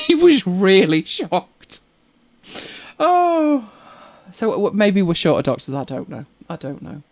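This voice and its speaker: A woman's voice: medium pitch, big pitch swings, slow, pauses often, darkish tone, no room sound. A woman hosting a casual live chat, rambling through stories and viewer comments with frequent laughs. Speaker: livestream host reading viewer comments.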